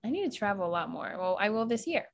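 A woman's voice: medium pitch, very animated, quick pace, vocal fry. An American woman hosting a podcast, chatting casually and laughing often. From United States. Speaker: podcast host. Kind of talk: casual chat.

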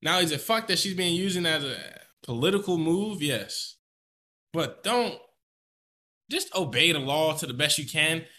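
A male podcast co-host gives blunt, profane opinions on a casual show, repeating his points for emphasis. His voice is on the high side, animated, pushed and bright, and he speaks at a measured pace.

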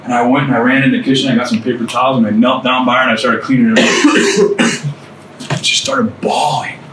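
A man's voice: mid-range voice, steady tone, brisk, fairly bright tone. A man sharing his testimony with a small group, preaching in an earnest, conversational way with casual asides. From United States. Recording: roomy, distant mic, faint room noise.

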